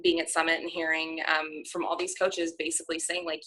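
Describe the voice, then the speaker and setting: A woman's voice: sits low, level tone, fairly quick, pushed and bright. A young woman coach talking casually on a team call, chatty and candid, with lots of fillers, a sarcastic streak and frequent laughs. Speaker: fitness coach.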